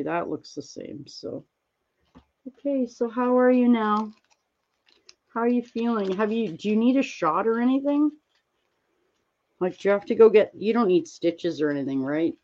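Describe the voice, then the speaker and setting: A woman streaming, chatting casually with viewers while she crafts, rambling and gently reassuring them with lots of fillers. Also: mid-range voice, creaky, dull audio. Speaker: livestreamer answering chat.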